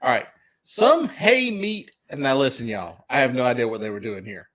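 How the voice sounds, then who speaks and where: A man's voice: mid-range voice, quick pace, fairly bright tone. A man with a Southern US accent hosting trivia in casual live-stream chat, chuckling as he reads out questions. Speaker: trivia host.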